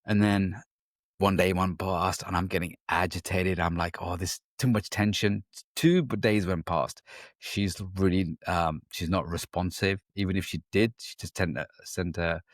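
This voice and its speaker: Low-voiced man telling a story. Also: normal speed, no echo, studio quality. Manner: storytelling, acts out his own inner voice. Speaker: podcast co-host. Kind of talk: casual chat.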